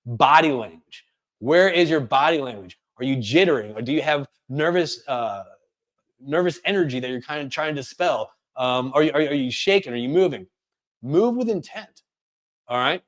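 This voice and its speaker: A man presenting a career coaching webinar, speaking rapidly and energetically with frequent fillers and restarts. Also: a little high, lively intonation. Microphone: webinar microphone.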